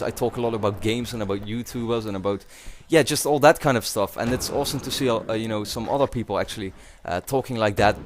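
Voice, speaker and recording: A man's voice: on the low side, slight background noise. A young man from the Netherlands with a Dutch accent, rambling casually to his viewers with many fillers and restarts. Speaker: YouTuber.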